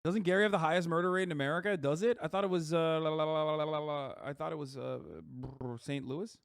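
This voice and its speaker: A man reacting to a video on a live stream in casual commentary, rambling and profane with quick asides. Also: a little high, fairly even intonation, clean tone, dry recording, clean studio sound.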